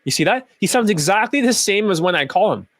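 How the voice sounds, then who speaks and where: Brief: male coach, high-pitched, furious profane rant, dry room. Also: lively intonation, quick pace, no echo. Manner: profane, ranting, combative. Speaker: dating coach. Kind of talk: angry commentary over clips.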